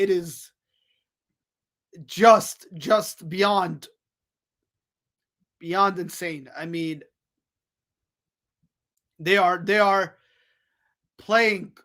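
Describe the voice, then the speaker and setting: An excitable man with a high voice hosts a solo sports podcast covering scores and picks. He keeps repeating "folks" and "ladies and gentlemen" and restarts often.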